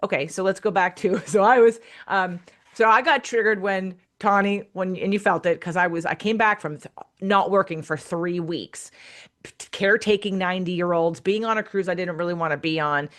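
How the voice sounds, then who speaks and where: A woman's voice: fairly low pitch, moderate pace, a bit bright. Frank, blunt woman podcast host. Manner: frank and blunt, with casual swearing; acts out quoted voices. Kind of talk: casual podcast conversation.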